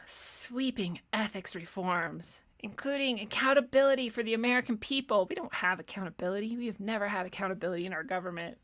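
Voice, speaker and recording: A woman's voice: medium pitch, racing, hardly any pauses, fairly bright tone. A woman host ranting sarcastically in casual commentary, exasperated and profane, often laughing.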